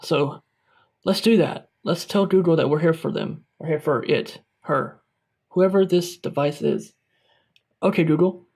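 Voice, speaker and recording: A young man hosts a tongue-in-cheek tech review, gushing and over-dramatic. His voice sits a little high for a man. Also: measured pace, darkish tone, husky. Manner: over-dramatic, exaggerated enthusiasm. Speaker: tech YouTuber. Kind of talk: mock-serious product review skit.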